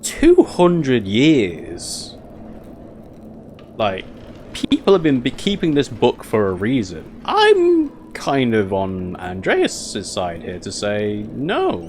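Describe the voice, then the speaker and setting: A man's voice: medium pitch, wildly swooping pitch, slow, darkish tone, a little hiss or hum. A man giving casual gameplay commentary, musing and wry as he reads the game's text aloud. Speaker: let's play gamer.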